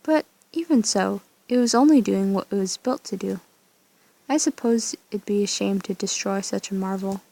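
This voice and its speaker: A woman voicing an older male inventor in a story game, measured and slightly wry. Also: medium pitch, vocal fry, warm tone. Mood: impressed.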